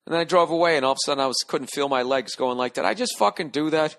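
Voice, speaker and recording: A middle-aged American man hosting a podcast, telling a profane, animated comic story and acting out the people in it. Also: on the high side, very fast, creaky. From United States. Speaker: podcast host. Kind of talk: casual comedic monologue.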